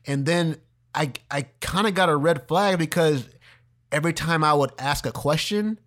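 A man talks in a relaxed way on a podcast, with a voice a little higher than most men's. He laughs often and keeps saying dude. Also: normal speed. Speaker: podcast co-host. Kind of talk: casual chat.

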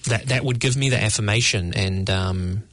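A young man, answering interview questions about his art in a measured, thoughtful way, often searching for words. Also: fairly low pitch, a bit bright, dry recording. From New Zealand. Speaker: guest artist.

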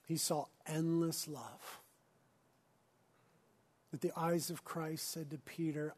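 A man preaching a sermon as pastor, earnest, moving between urgent emphasis and hushed near-whispers. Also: a little high, fairly even intonation, slow, long pauses, husky.

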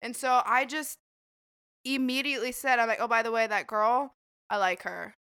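A woman's voice: fairly high pitch, fairly even intonation, moderate pace, pushed and bright, smooth. A woman in her twenties, a podcast guest telling stories in casual chat, swearing freely and full of fillers. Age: 20s. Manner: chatty storytelling, swears freely, many fillers.

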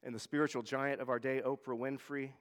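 A man's voice: medium pitch, flat delivery, a little fast, long reverb tail. A man serving as a church elder, preaching a conversational sermon and often repeating words as he goes. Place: church hall.

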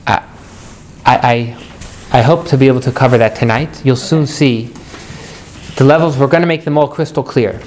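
A man teaching a live class, animated and jokey, putting questions to his students. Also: mid-range voice, normal speed, pauses often, slight background noise.

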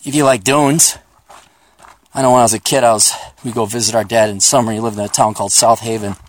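A man's voice: medium pitch, fairly even intonation, fast talker. Profane, joking man rambling on a hike. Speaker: podcast host. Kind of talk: casual rambling monologue. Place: outdoors on a hiking trail.

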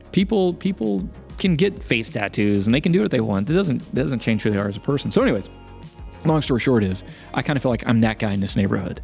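A man co-hosting a relaxed podcast, winding through a long anecdote at an easy pace. His pitch sits in an ordinary middle range, and he jumps into quick impressions of the people in his stories. Faint music plays underneath. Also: creaky. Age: young adult. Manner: storytelling, self-deprecating, animated impressions. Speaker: podcast co-host. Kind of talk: casual chat.

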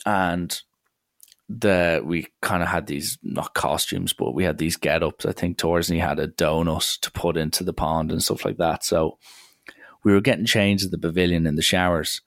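Young man with a deep, gravelly voice, dry and close, casual rambling anecdote. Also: steady tone, normal speed, a bit bright, no room sound. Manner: wry, rambling storytelling with acted quotes. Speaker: storyteller.

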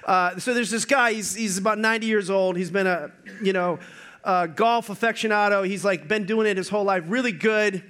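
A man preaching a sermon as pastor, joking, telling stories and talking with lively energy. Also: high voice, brisk, clean tone.

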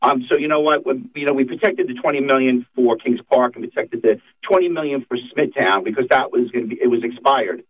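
A man's voice: mid-range voice, fairly quick, hardly any pauses, slightly rough. A middle-aged man, a political guest on a talk show, speaking in a fired-up, emphatic, repetitive way. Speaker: state senator guest. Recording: tinny phone line.

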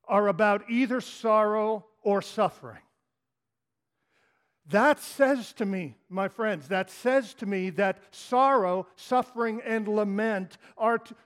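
A male preacher delivers a sermon at an unhurried, deliberate pace. His voice sits fairly high for a man. He builds to fervent, raised declarations, then sinks into soft, hushed passages. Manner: slow, dramatic delivery swinging from loud declarations to hushed near-whispers.

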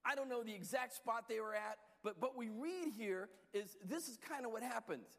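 A man preaching a sermon and telling stories, with lively shifts between soft and loud delivery. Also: normal speed, in a large hall. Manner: storytelling, lively shifts in pitch and loudness. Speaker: pastor.

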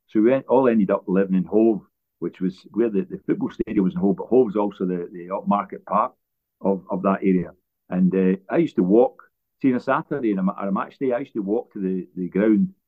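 A man's voice: fairly low pitch, a little fast. A Scottish man, a former footballer, telling long rambling anecdotes as an interview guest with frequent restarts. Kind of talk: relaxed storytelling interview. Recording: tinny phone-like line.

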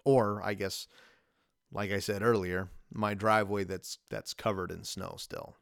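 A man's voice: on the low side, fairly even intonation, measured pace, vocal fry, no echo, clean studio sound. A man in his thirties hosting a casual solo podcast, rambling and self-deprecating, laughing often as he talks. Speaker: podcast host.

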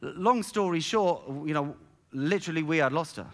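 A middle-aged man preaching a sermon, telling a family story with halting restarts and emphatic build-ups. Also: fairly high pitch. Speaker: pastor.

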